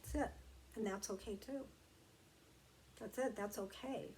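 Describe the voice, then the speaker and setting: A woman giving a reflective motivational talk, gentle and meandering, with many fillers and restarts. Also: medium pitch, unhurried, slight background noise, low-quality recording.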